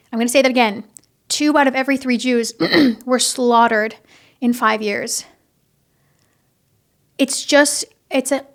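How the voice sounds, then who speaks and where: A young woman hosting a casual, heartfelt podcast, talking earnestly and haltingly, with many restarts and fillers. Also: a little high. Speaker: podcast host. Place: home in Florida.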